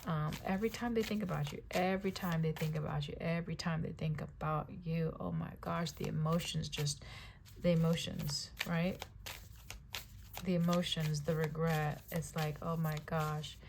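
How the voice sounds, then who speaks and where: A woman gives a casual tarot reading, chatting, repeating phrases, and checking in with "right?" and "okay?" Her voice is low with a steady tone and vocal fry, at normal speed, with background noise.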